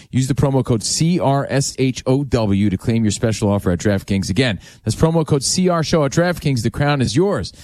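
Male radio host, animated and jokey, mid-range voice, dry studio sound. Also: medium pitch, dry recording. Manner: animated, jokey, reads sponsor spots. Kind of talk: radio show talk and ad reads.

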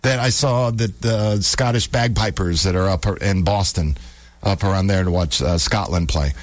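A man's voice: deep voice, moderate pace, no room sound. A man hosting a radio talk show, chatting casually and telling stories with playful repetition. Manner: animated storyteller, repeats words for comic effect. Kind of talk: casual on-air chat. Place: radio studio.

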